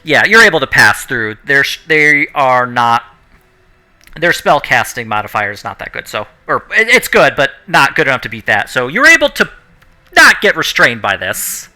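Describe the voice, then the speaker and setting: Dm guy, super bright voice, bouncy pitch, explains rules and fixes himself mid-sentence. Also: sing-song, normal speed. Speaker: dungeon master. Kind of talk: running a tabletop game online.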